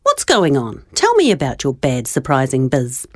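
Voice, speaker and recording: A woman's voice: rumbling low, wildly swooping pitch, moderate pace, no room sound, studio quality, voice pushed down, exaggerated voice. Woman doing an easygoing Aussie dad. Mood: reassuring. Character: kind, easygoing father.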